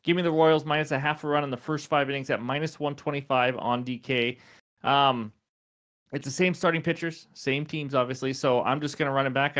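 A man's voice: mid-range voice, a bit bright. Guy doing betting picks, chatty and loose, um-ing through stats, voice getting a bit worn. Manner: chatty, fillers and stat rundowns. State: losing his voice. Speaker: sports betting podcast host. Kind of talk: casual betting picks talk.

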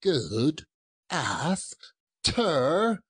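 Storybook figure, a man playing a grumpy old male miser, husky, slow, high strained lines. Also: big pitch swings, exaggerated voice. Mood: scornful. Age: older. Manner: drawn-out, high, strained retorts. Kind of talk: audiobook character voice.

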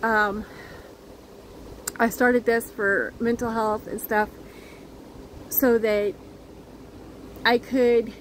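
Woman vlogger thanking her viewers, slow and halting, kinda high voice, loud noise in the background. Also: flat delivery, rough recording. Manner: earnest, heartfelt; halting, often restarting. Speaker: crochet vlogger. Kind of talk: casual chat to viewers.

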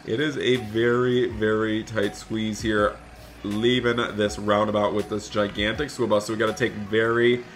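A man's voice: lowish voice, flat delivery, normal speed, faint music behind. A young man giving chatty, upbeat commentary while role-playing a school bus driver in a video game. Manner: upbeat, chatty, keeps addressing viewers as "you guys". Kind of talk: Roblox roleplay commentary.

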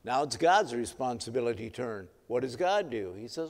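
A male pastor preaching an evening sermon, telling the story in a measured way and letting his voice swell and drop for emphasis. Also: mid-range voice, lively intonation, a little mellow. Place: church sanctuary. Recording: long hall reverb.

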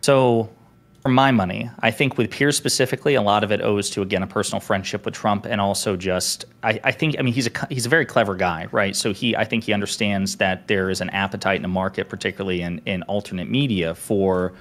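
A man's voice: on the low side, steady tone, fast talker, fairly bright tone. A man talking as a commentator guest in casual debate chat. He is emphatic and builds his case point by point.

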